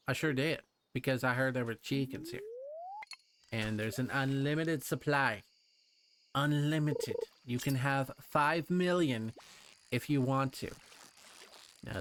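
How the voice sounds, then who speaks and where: A man's voice: mid-range voice, fairly bright tone, slight background noise. A man giving casual, playful let's play commentary, rambling chattily with plenty of fillers as he plays.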